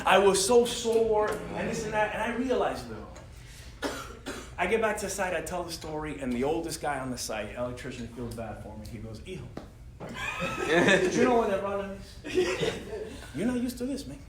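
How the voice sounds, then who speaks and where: High-voiced man telling a rowdy story. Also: moderate pace, pauses often. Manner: animated, profane, laughing often. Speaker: podcast host. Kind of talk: casual storytelling. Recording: echoey room with loud crowd chatter.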